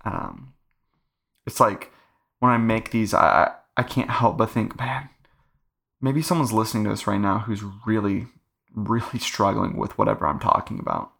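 A man's voice: on the low side, very animated, moderate pace, creaky, fairly bright tone. A young man hosting a casual faith podcast, talking earnestly in a rambling way full of fillers. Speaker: podcast host.

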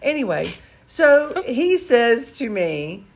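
A woman's voice: a little high, takes it slowly. A woman co-hosting a podcast, chatting casually and acting out what people said in her stories. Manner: lively storyteller, acts out quotes. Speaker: podcast co-host. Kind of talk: casual chat.

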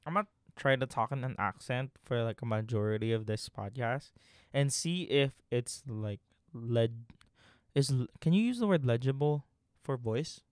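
A man's voice: medium pitch, expressive, normal speed, darkish tone, clear, resonant tone, no room sound, studio quality. A young man from the Philippines with a slight Filipino accent, co-hosting a casual podcast chat, joking and swearing freely. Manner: joking, swearing, laughs often. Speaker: podcast co-host.

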